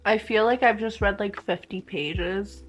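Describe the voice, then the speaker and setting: Expressive young woman reading a book aloud. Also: medium pitch, unhurried. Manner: emotional, expressive reactions between read passages. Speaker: book vlogger. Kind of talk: casual reading vlog, reading aloud and reacting.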